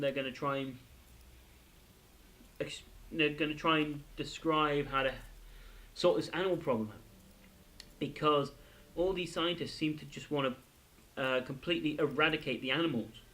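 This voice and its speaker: A young man hosting his own channel, giving an excitable, rambling review of a TV episode with many fillers and restarts. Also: a little high, moderate pace, pauses often, rough recording. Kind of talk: casual spoken review.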